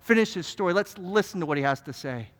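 A preacher acting out a calm, fair-minded male judge who speaks in a reasonable tone. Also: sits high, fast talker. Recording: long hall reverb.

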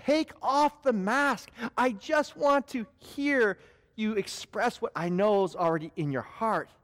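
A preacher voicing God as a gentle, reassuring divine presence. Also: male voice, high-pitched, measured pace. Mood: gentle urging. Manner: tender, reassuring.

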